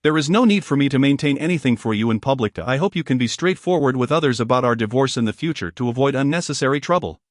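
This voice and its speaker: A man's voice: medium pitch, lively intonation, fast, few pauses, no room sound, studio quality, lightly acted. A man voicing a resolute, recently divorced young woman teacher in a storybook reading, firm, cool and clipped.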